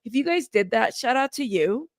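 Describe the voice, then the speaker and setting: Uma mulher apresentando uma live casual, conversando com o chat de forma tagarela, recomeçando frases, cansada e frustrada. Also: female voice, on the high side, animated, normal speed, dry recording, clean studio sound. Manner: chatty, greets chat by name, rambling restarts. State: tired and frustrated. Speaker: livestream host.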